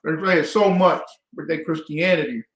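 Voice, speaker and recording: A man's voice: fairly high pitch, moderate pace, a bit bright. A man leading a call-and-response Bible class, quizzing his students with emphatic questions. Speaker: class teacher. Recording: echoey room.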